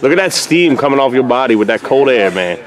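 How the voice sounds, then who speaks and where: A man's voice: medium pitch, big pitch swings, brisk, crowd noise. A man chatting backstage outdoors at a wrestling event, effusive and heavily profane. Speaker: backstage vlogger. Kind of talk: casual backstage chat.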